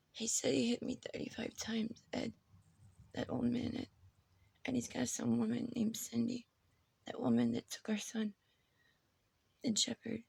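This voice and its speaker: A woman recording a personal video message on her phone, short of breath, halting and repeating herself, often dropping to a whisper. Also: fairly high pitch, vocal fry, darkish tone, breathy edge, dry recording. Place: her room at home.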